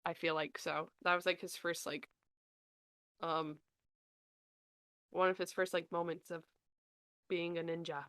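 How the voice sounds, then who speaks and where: A woman co-hosting a casual podcast, talking in an animated way, swearing freely, often trailing off and starting over. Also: fairly low pitch, measured pace, long pauses. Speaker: podcast co-host. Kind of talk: casual chat.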